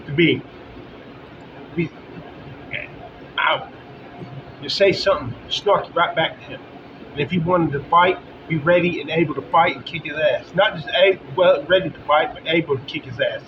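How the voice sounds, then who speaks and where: A middle-aged man in a rambling, bitter vlog monologue, talking in halting bursts with frequent restarts. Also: on the high side, background noise. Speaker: vlogger. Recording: dull lo-fi sound with faint music.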